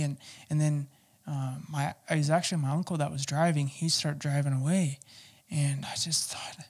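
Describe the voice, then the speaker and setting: A man telling his personal testimony as an interview guest, talking haltingly with many fillers and restarts. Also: on the high side, fairly even intonation.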